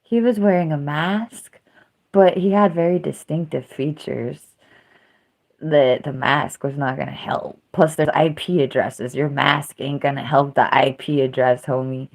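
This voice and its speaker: A woman's voice: deep voice, fairly even intonation, unhurried, creaky. A woman hosting a livestream, chatting casually and emotionally, rambling and trailing off. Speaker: livestream host.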